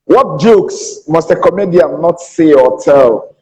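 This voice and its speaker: A man's voice: on the high side, takes it slowly, dark tone, low-quality recording. A man hosting an interview, reacting briefly and asking short questions. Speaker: interviewer host.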